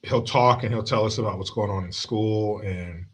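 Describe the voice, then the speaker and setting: A man's voice: lowish voice, moderate pace. A man hosting his own livestream in casual chat, telling family stories with lots of swearing and frequent laughter. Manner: profane, joking storyteller. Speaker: streamer and show host.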